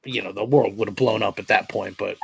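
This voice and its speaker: A man's voice: lowish voice, steady tone, fairly quick, vocal fry. A man chatting as a guest on a live stream, playful, often restarting his sentences. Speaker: guest co-host. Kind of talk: casual live-stream chat.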